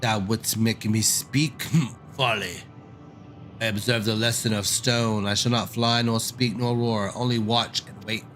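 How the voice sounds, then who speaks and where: A man's voice: lowish voice, fairly even intonation, a little slow, a bit bright, soft background music. A man reading a solemn ancient dragon. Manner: solemn, archaic speech. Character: ancient, brooding, fatalistic dragon. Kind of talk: reading game dialogue aloud.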